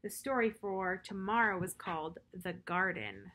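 A woman's voice: fairly low pitch, a little slow, gravelly, hardly any pauses, bright, forceful tone. A woman reading a bedtime story to children as their storyteller, friendly and speaking directly to her young listeners.

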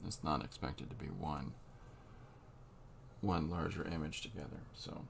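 A man talking through a drawing tutorial as he works, unhurried and halting, thinking aloud. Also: very deep voice, vocal fry, slight background noise. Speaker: comic artist drawing on camera.

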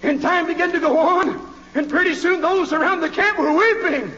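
High, hollering preacher in a reverberant church. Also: male voice, normal speed. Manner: swings from hushed pleading to hollering. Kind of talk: fiery revival sermon. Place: church sanctuary. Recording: dull, reverberant old church recording.

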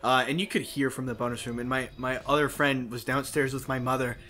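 A man's voice: medium pitch, fairly even intonation, brisk, sharp tone. A man co-hosting a casual gaming let's play, a crude, joking storyteller who laughs often.

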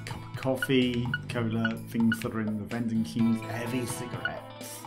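A man's voice: medium pitch, steady tone, moderate pace, hardly any pauses, loud music behind the voice. A man casually commenting while playing a video game, chatty and wry, laughing often as he reads items aloud. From United Kingdom. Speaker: let's play streamer.

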